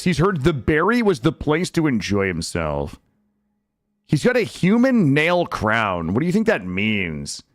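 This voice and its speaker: A man's voice: a little high, no room sound, clean studio sound. A young man casually commenting on his game for viewers, cursing freely and chatting to his audience. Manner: animated, swearing, chatting to viewers. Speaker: streamer. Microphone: studio desk mic.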